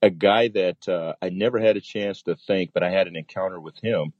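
A man's voice: low voice, fairly quick, no echo, muffled recording. A man, a military pilot, telling a story in a casual interview and acting out the voices of the people in it.

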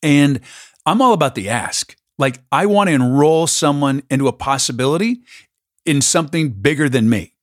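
A man's voice: a little high, animated, normal speed, no echo, studio quality. A man hosting a podcast, telling a story in a casual, enthusiastic way. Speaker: podcast host. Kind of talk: casual conversation.

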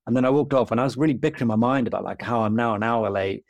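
Fast-talking gravelly young man. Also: a little mellow, no echo. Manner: rambling, self-deprecating, quick and low-key. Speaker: junior doctor, podcast co-host. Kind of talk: casual podcast chat, storytelling.

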